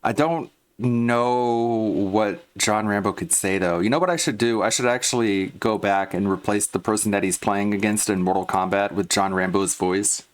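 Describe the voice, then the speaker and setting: A man's voice: lowish voice, moderate pace, few pauses. A man streaming live, chatting casually and muttering asides to himself. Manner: laid-back, mumbling asides to himself.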